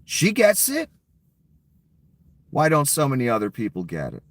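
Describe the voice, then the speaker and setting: Middle-aged man, angry political rant, profane, sarcastic, medium pitch, dry close sound. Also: huge pitch swings, moderate pace, no echo. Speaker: political commentary vlogger.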